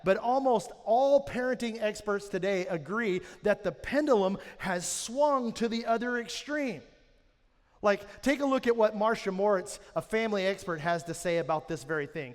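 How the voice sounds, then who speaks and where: High-voiced pastor in a big hall. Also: male voice, normal speed. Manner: storytelling, self-mocking humor. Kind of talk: sermon. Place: church auditorium. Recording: reverberant hall.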